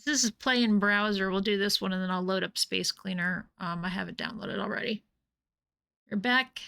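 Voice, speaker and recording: A woman's voice: mid-range voice, normal speed, creaky, bright, forceful tone, clean tone. A woman streaming a game live, chatting casually and breaking off to scold and coo at her cats.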